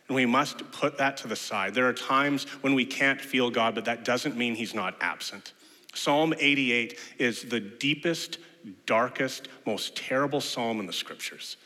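A man preaching a sermon as pastor, an animated storyteller who acts out the voices in his examples. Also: mid-range voice, a little slow, big-room sound.

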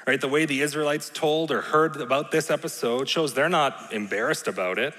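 A man's voice: a little high, a little fast, a bit bright. A man preaching a sermon in a conversational, playful way, often checking in with the room. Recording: long reverb in a large hall.

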